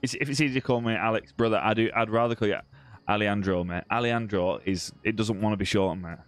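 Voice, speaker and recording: A man's voice: on the low side, fairly even intonation, fast talker, smooth. Chatty southern English man on a live game stream. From southern England. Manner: chatty and teasing, many "mate" and "bro" tags, restarts. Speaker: live-stream gamer host. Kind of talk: casual live-stream chat reading viewer comments. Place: home room.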